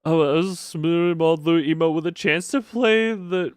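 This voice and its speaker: A man's voice: fairly high pitch, moderate pace, clean tone, no echo. A man streaming a horror game, talking casually to himself and his chat with sarcastic asides. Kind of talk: casual live game commentary.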